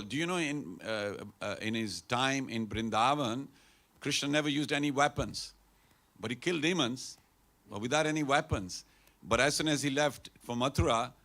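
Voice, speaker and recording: A man's voice: mid-range voice, gravelly, pushed and bright. A man giving a conversational storytelling talk at a temple, acting out the characters in his stories. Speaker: temple speaker. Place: temple hall.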